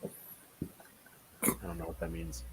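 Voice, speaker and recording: A man's voice: sits low, slow pace, husky. A man hosting a casual livestream, joking with friends between play-by-play calls on a football game. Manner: joking, relaxed. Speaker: host and play-by-play caller.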